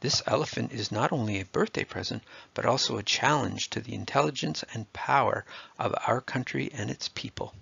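A man voicing an amused, commanding prime minister in a storybook, with a gravelly, proud delivery. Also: mid-range voice, a little fast, sharp tone, dry recording, highs cut off, heavily acted.

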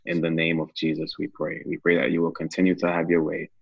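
A man's voice: sits low, monotone, quick pace, creaky, husky, no echo, dull audio. A man leading a casual Bible study, who closes it with an earnest, repetitive prayer. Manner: earnest, praying with repeated phrases.

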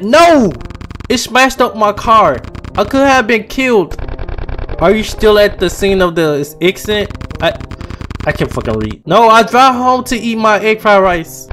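A young gaming channel host panics his way through a horror game let's play. His commentary lurches from low mumbling to loud, panicked shouts, and he reads on-screen text aloud.

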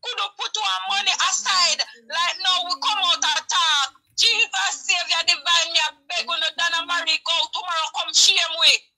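Lady going off on a live, begging and preaching, super high sharp voice. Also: fairly even intonation, moderate pace, hardly any pauses, low-quality recording. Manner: impassioned, pleading, preachy, breaks into shouting. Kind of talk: heated live-stream commentary.

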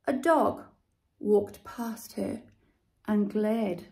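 A woman reading a children's story aloud expressively as the channel's storyteller. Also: mid-range voice. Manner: expressive, slow.

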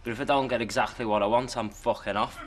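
An actor playing a greedy, dim male footballer in a comedy sketch, bragging deadpan through crude punchlines. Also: mid-range voice, quick pace, natural voice. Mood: smug. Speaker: footballer in a post-match interview sketch. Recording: studio audience laughter, noisy. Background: audience laughter.

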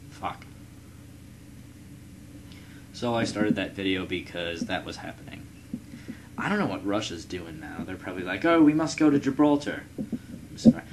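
Young man, gameplay commentary, low voice, loud hiss under the recording. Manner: rambling, swears at rival nations, reads game text aloud. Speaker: let's player.

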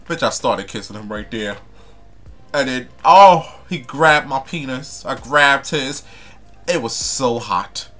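A young man vents to camera in a sassy, profane rant, his voice bright and sharp. Faint music plays softly underneath. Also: medium pitch. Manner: sassy, profane, emphatic ranting. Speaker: vlogger.

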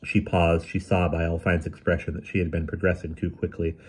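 Male audiobook reader; low, dark, husky tone, measured delivery. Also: little pitch movement. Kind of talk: reading a novel aloud.

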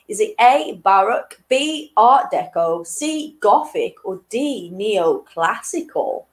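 A woman's voice: mid-range voice, expressive, slow. A young woman hosting an online quiz in a chatty, giggly way, reading each question twice and tripping over her words. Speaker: quiz host.

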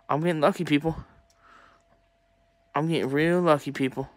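Chatty excitable man opening card packs. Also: on the high side, moderate pace, no echo. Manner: chatty and excitable, talks to viewers as y'all. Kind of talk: casual pack-opening vlog.

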